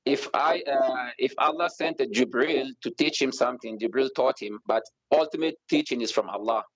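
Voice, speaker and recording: A man calling into a heated live debate, defensive and halting, often pausing on fillers as he argues back. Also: medium pitch. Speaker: caller in debate. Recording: dull lo-fi call audio.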